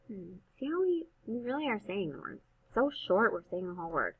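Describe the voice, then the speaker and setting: A woman teaching first graders to read, slowly stretching out the sounds of each word in an encouraging teacher voice. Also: mid-range voice, very animated, breathy edge, far from the mic. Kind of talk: slow phonics reading lesson. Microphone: computer mic on a screen-shared video. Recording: slightly dull, lo-fi sound.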